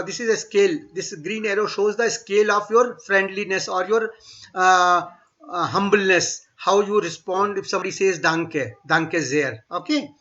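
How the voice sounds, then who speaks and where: Man, high bright voice, slow deliberate teacher, dull lo-fi call audio. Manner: slow, repeats words for students to echo. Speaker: German language teacher. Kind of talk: online class teaching. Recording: dull lo-fi online class audio.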